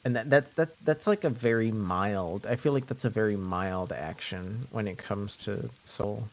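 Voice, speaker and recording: A man's voice: on the low side, normal speed. A man from French Canada streaming live, chatting casually and jokingly with his viewers, rambling and often repeating himself.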